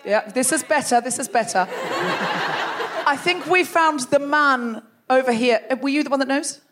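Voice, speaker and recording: A woman with a high, bright voice works a live theatre crowd as a comedy podcast host. She teases and banters with an animated delivery, speaking into a stage microphone. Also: measured pace. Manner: teasing, animated, laughing between jokes. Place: large theatre stage before a live audience.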